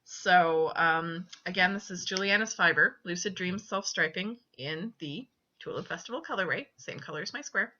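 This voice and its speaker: Bright, chatty woman on a webcam. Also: lowish voice, normal speed, slight background noise. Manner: chatty, giggly, apologetic. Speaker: podcast host. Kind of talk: casual knitting show-and-tell. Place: small cramped spot at home. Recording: dull lo-fi webcam audio.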